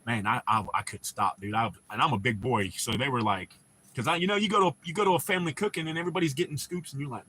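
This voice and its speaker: A man's voice: medium pitch, fast, bright, forceful tone, slight background noise. A young American man hosting a casual livestream, telling rambling, profane stories to his chat. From United States. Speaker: livestream host.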